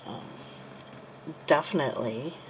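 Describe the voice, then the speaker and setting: A woman in her thirties telling a personal story while crafting, soft and halting with many pauses, becoming tearful. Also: rumbling low, animated, noisy background. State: tearful, getting emotional. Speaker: crafting channel host.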